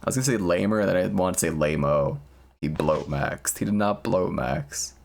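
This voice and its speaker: A man's voice: sits low, moderate pace, vocal fry. A young man streaming a game, chatting casually in a rambling, crude, jokey way and laughing often. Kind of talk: casual gameplay chat.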